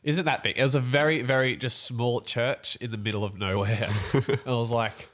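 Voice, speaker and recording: A young man, telling a story in a casual podcast chat and acting out other people's voices as he goes. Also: mid-range voice. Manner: animated storytelling, quick laughs, acts out voices.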